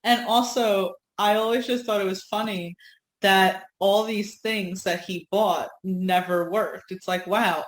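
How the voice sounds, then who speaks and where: A woman's voice: mid-range voice, fairly even intonation, unhurried, roomy sound, slight background noise, poor audio. A woman co-hosting a casual podcast, laughing often and swearing freely as she reminisces. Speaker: podcast co-host. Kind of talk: casual chat.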